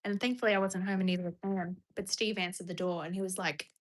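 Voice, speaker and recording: A woman's voice: medium pitch, fast talker. A young woman with a rural Australian accent chatting casually on a live stream, reading comments and rambling, now and then dropping to a whisper. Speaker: livestreamer.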